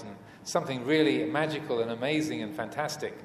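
A man teaching as a Buddhist monk in a dharma talk, speaking hesitantly with many fillers and restarts and gentle humor. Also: medium pitch, a little fast, few pauses. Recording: echoey hall, faint room noise.

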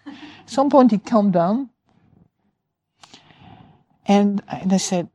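A woman with a mid-pitched voice gives a relaxed dharma talk to her students. She tells her story with humor, laughs often, and mocks the chatter of her own mind. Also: slow, pauses often. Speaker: meditation teacher.

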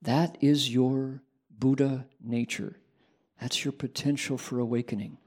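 A man voicing a calm, kindly male Buddhist monk who gives gentle, reassuring advice. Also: mid-range voice, a little slow, slightly rough.

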